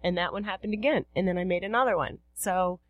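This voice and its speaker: A woman's voice: lowish voice, quick pace, no room sound, narrow, tinny audio. A woman guesting on a podcast, chatting frankly about her experiences. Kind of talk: casual chat.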